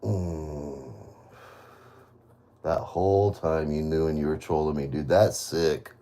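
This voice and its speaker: In a slow, mellow bass voice with fairly even intonation, a livestreamer rants to viewers about the people he blames. Bitter and accusing, he keeps repeating his charges, swears heavily, and rambles, restarting many times.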